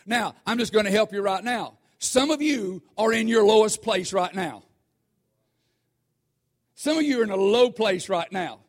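A high-pitched man delivers a sermon. He is animated and keeps asking the congregation questions, then slows down to stress the scripture. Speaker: preacher.

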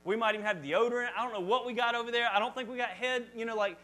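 Pastor, male, very high voice; chatty, joking sermon delivered live in church. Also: rapid-fire, rough recording. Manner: lively, chatty, joking with the congregation. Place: church service before a congregation.

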